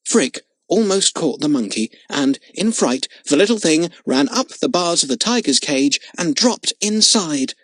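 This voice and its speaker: A man's voice: a little high, measured pace, hardly any pauses, dry recording. Man reading a children's storybook aloud. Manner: expressive, dramatic reading. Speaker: audiobook narrator. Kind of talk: storybook narration.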